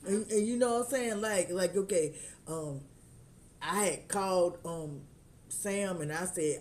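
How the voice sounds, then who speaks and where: A female pastor with a Southern American accent, telling frank, animated personal stories in a conversational sermon. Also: fairly low pitch, measured pace, slight background noise.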